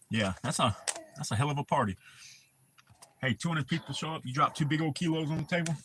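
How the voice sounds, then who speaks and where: A man's voice: a little high, moderate pace, noisy background. A man chatting casually on his livestream, telling rambling, profane stories. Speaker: livestream host.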